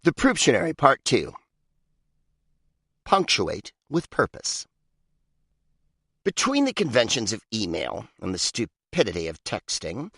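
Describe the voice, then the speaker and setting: A man's voice: medium pitch, fairly bright tone, no echo, clean studio sound. A man reading his own comic book aloud, sardonic and mock-pompous, with big swoops for emphasis. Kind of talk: comic audiobook narration.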